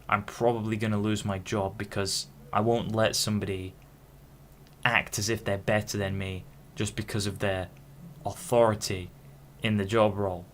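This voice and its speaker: A man's voice: on the low side, fairly bright tone, a little hiss or hum. A young man from Hull talking frankly to camera in a rambling monologue, often stopping and restarting his sentences. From Hull, England. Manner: frank, halting, many restarts. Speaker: vlogger.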